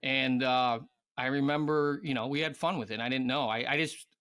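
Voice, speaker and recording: A man's voice: medium pitch, normal speed, clean tone. A man who is a former pro hockey player, telling casual stories as a podcast guest, full of fillers and swearing. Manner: animated, swears freely, many fillers. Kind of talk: casual storytelling chat.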